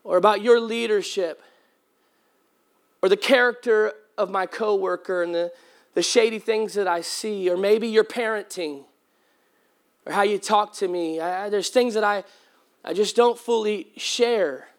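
Man, pastor, sermon, very high-pitched, playful storytelling, slightly cracking voice. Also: measured pace, clean tone. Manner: humorous, animated storytelling to a congregation. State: voice cracking at times.

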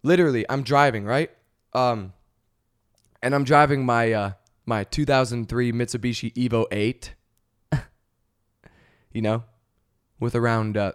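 A man hosting a podcast, ranting casually and comedically in a profane, exasperated, rambling way. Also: lowish voice. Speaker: podcast host.

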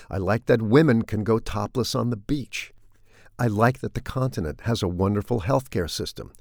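Dry, gravelly man, deadpan. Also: on the low side, no room sound. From United States. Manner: dry, wry delivery with deadpan jokes. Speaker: commentator hosting a weekly segment. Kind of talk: scripted comic commentary.

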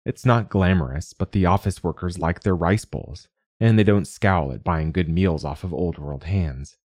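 A man narrating a short story as host, calm and measured. His voice is very low. The recording is close and dry, with no room sound. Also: no echo.

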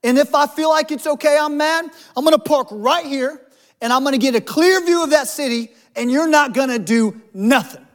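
A man's voice: extremely high pitch, moderate pace, voice pushed up. A man acting out the voice of a sulking, defiant adult male prophet, complaining indignantly.

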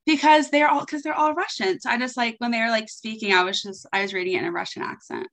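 A woman's voice: fairly high pitch, fairly even intonation, fast talker, gravelly, a bit bright. A young woman co-hosting a podcast, chatting casually and gushing about a book, with "like" in nearly every sentence. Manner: gushing, chatty, heavy use of "like". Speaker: podcast co-host.

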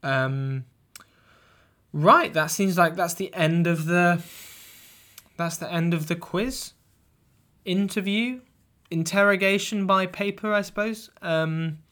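A man's voice: sits high, slow, long pauses, bright, forceful tone. A young man co-hosting a comedy podcast, talking in a hesitant, rambling, playfully earnest way. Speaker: podcast co-host.

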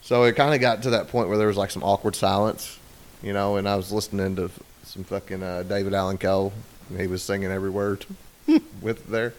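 A man's voice: low voice, fairly even intonation, a little fast, a little hiss or hum. A man telling a long, crude, rambling story on a casual podcast, often acting out other people's lines. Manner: rambling, profane, acts out quoted voices.

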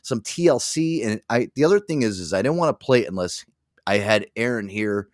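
Deep-ish male show host, dry close sound, chatty and rambling. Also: animated, a little fast, no room sound. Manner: rambling, many fillers and restarts, laughs a lot. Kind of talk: casual chat.

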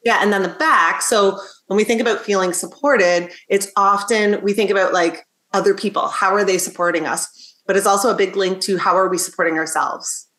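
A woman podcast host explaining ideas to her guest in a calm, teacherly way. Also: medium pitch, brisk. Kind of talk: interview conversation. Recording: roomy echo.

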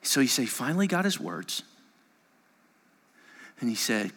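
Animated pastor preaching in a reverberant hall. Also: male voice, medium pitch, a little slow, long pauses, slightly rough. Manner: storytelling with big swings between hushed and raised passages. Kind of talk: sermon.

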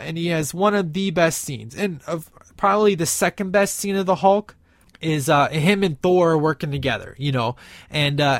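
A man's voice: a little high, a bit bright, no room sound, clean studio sound. A man giving a casual, enthusiastic movie review, rambling with many fillers and restarts.

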